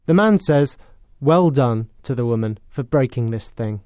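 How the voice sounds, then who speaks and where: A British man presenting a scripted English lesson, explaining clearly in a measured way. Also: mid-range voice, expressive, darkish tone, no echo, studio quality. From Britain. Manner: clear, measured, explanatory, with acted sarcastic example lines. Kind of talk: scripted educational narration.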